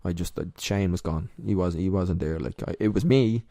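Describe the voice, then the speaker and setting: Deep-voiced young Irish man, candid. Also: gravelly, mellow, dry recording, clean studio sound. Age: young adult. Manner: candid, emotional, halting. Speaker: podcast guest. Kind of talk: personal storytelling in interview.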